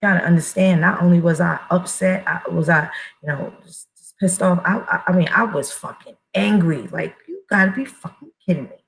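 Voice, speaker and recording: A woman's voice: lowish voice, a little fast, gravelly, low-quality recording. A woman giving a blunt, profane casual monologue as an online commentator, emphatic and full of restarts.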